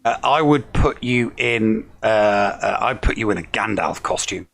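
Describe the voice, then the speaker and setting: A man's voice: fairly low pitch, unhurried, vocal fry, a bit bright. A man co-hosting a podcast in casual chat, hesitant and full of fillers but jokey. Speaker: podcast co-host.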